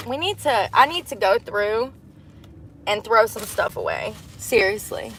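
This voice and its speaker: A woman's voice: medium pitch, very animated, a little slow, fairly bright tone, a little hiss or hum. A woman live-streaming from inside her car on a phone camera, chatting to viewers in a casual, profane way. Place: inside a parked car at a drive-thru.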